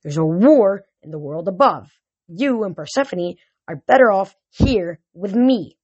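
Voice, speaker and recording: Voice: medium pitch, lively intonation, normal speed, darkish tone, lo-fi sound, natural voice. Reader putting on a cruel grumbling death god. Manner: gruff and sarcastic.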